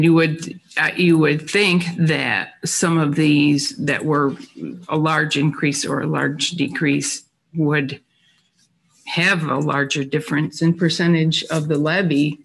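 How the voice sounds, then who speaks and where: A county official walking a meeting through tax figures, halting with many fillers and self-deprecating asides. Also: mid-range voice, level tone, gravelly, a bit bright. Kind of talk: meeting presentation.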